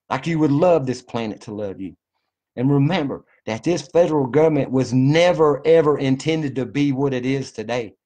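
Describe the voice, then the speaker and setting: A man's voice: medium pitch, darkish tone. A man delivering a fervent, profane, folksy monologue to his viewers. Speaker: vlogger. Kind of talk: impassioned monologue to camera.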